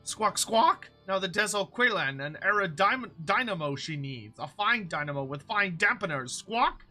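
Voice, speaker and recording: Dude doing a squawky bird creature from a game, high bright voice, talks all backwards, squawk squawk. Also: male voice, exaggerated voice. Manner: inverted word order, squawks between phrases. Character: squawking bird-like creature questgiver, odd word order. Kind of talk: reading game quest text aloud in character.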